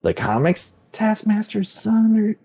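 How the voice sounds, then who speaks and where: A man's voice: sits high, very animated, measured pace, vocal fry, mellow, husky. A man guesting on a casual podcast, rambling along and laughing often.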